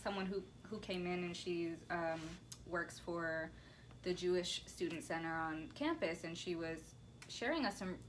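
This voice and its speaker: A woman's voice: fairly low pitch, a little slow, a little hiss or hum, poor audio. Earnest woman in casual discussion. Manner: earnest, animated when quoting others. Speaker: college instructor.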